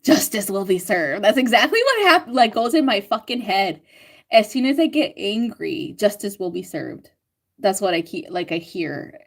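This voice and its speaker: A young woman reading out live chat comments on a stream, chatting casually with frequent swearing, laughter and animated self-quotes. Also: medium pitch, moderate pace, gravelly. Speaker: astrology and tarot reader reading live chat.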